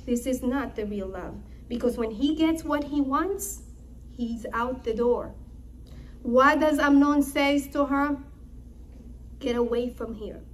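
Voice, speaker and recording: Young woman, higher voice, unhurried pace, scripture lesson, dramatic storytelling. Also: a little hiss or hum, poor audio. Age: young adult. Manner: acts out quotes with dramatic emphasis. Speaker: Torah teacher.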